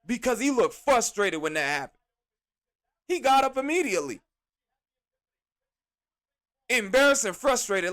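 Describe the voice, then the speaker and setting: A man hosting a podcast, reviewing a wrestling show in an animated, exasperated rant full of slang. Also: very high-pitched, normal speed, pauses often. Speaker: podcast host.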